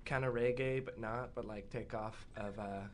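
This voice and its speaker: A man's voice: medium pitch, steady tone, moderate pace, slight background noise. A young man chatting hesitantly as a guest, rambling, and singing his own songs. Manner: rambling, hesitant, soft-spoken. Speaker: guest musician.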